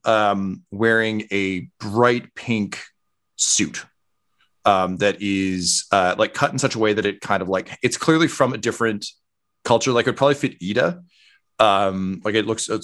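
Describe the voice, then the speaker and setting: A man as game master, describing scenes with many pauses and fillers. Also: lowish voice, a bit bright. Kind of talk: narrating a tabletop game.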